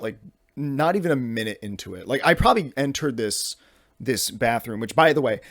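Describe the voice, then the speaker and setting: A man's voice: medium pitch, dry recording, clean studio sound. A young man in his twenties hosting a podcast, telling a rambling comedic story full of restarts and swearing. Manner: rambling and exasperated, with many restarts and profanity. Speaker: podcast host. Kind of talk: casual comedic monologue.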